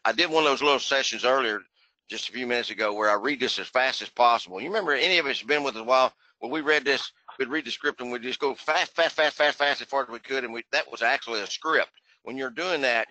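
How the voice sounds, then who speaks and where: Earnest sales coach guy, rambles a bit, bright voice, dry sound. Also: medium pitch, dry recording, low-quality recording. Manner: earnest, rambling, self-correcting. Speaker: sales trainer. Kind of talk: coaching talk on a group call.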